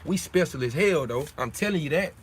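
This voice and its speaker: A man's voice: fairly high pitch, lively intonation, fairly quick, slight background noise. A young man hosting a casual livestream, talking in streetwise slang in a preachy way, often repeating his points. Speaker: livestream host.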